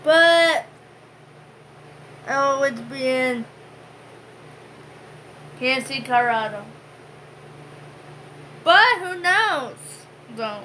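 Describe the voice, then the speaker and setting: A woman's voice: high-pitched, bright, forceful tone, slight background noise, rough recording. A woman co-hosting a home vlog, chatting casually and rambling with many fillers. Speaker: vlog co-host. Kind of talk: casual chat.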